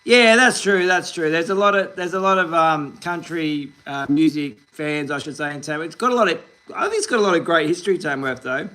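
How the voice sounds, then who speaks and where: A man's voice: a little high, brisk, hardly any pauses, sharp tone. An Australian man in his forties, hosting a fishing livestream, chatting upbeat and rambling while reading viewers' comments and greeting them by name. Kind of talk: casual live-stream chat reading comments.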